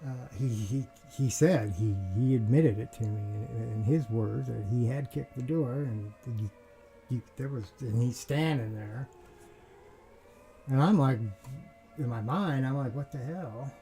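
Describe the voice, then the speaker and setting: A man's voice: medium pitch, measured pace, mellow, a little hiss or hum, rough recording. A man talking straight to the camera, telling a long story about a neighbor in a rambling, aggrieved way, with restarts and swearing. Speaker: vlogger. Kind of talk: casual storytelling monologue.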